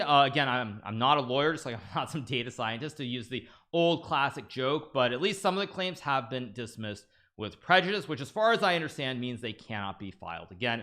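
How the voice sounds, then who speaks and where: A man on a live stream reading a news article aloud to viewers and commenting casually, stumbling and restarting often with amused asides. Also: on the high side. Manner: animated, frequent restarts and stammers, amused asides.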